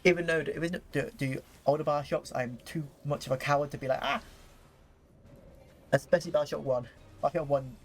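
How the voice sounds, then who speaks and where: A young man with a slightly high voice talks fast while casually commenting on a game he's playing on stream, with soft music in the background. He rambles excitably, with lots of fillers and restarts.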